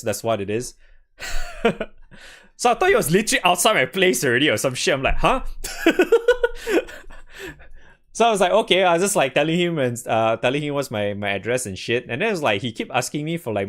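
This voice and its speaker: A man's voice: medium pitch, lively intonation, fairly quick, fairly bright tone. A young man chatting casually to his stream audience about games, rambling, swearing freely and laughing often. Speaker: game streamer. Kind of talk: casual gaming stream chat.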